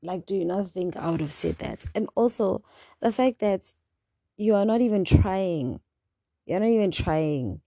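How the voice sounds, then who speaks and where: A young South African woman hosting her own show, talking in an animated, indignant monologue. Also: mid-range voice, unhurried, no echo. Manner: animated and indignant, mixing English with local words. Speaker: podcast host. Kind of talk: casual monologue.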